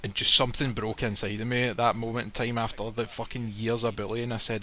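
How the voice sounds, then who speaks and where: Storytelling man, bright forceful tone, blunt and profane. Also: fairly low pitch, level tone, quick pace, hardly any pauses. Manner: blunt, swears freely, acts out quoted lines. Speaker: guest telling a personal story. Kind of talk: casual storytelling. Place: live stream recording.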